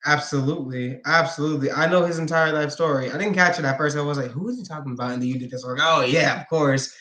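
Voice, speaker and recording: A man's voice: fairly high pitch, fairly even intonation, quick pace, sharp tone. Enthusiastic male wrestler guest, roomy sound. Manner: enthusiastic, earnest. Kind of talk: casual interview chat. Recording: roomy echo.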